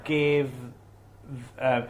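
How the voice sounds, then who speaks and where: A man's voice: on the high side, level tone, drawn-out words. A man co-hosting a podcast about films, talking analytically in casual chat, often checking for agreement and teasing his co-host.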